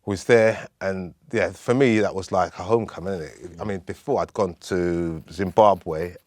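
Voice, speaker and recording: A man in his fifties, a guest in an interview, telling stories from his life in an animated way. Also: low voice, normal speed, dry recording, clean studio sound. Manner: animated, acts out other people's voices as he tells stories. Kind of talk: storytelling interview.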